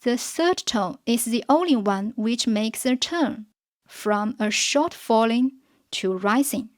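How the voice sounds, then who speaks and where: Slow, careful woman teaching pinyin tones. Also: on the high side, expressive. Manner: slow, careful model pronunciation for learners to repeat. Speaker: Chinese teacher. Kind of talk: slow scripted pinyin lesson.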